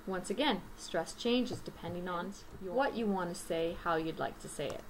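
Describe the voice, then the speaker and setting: A woman teaching an English lesson, speaking slowly and deliberately and listing items one by one. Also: on the low side, a little hiss or hum, low-quality recording. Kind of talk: recorded grammar lesson.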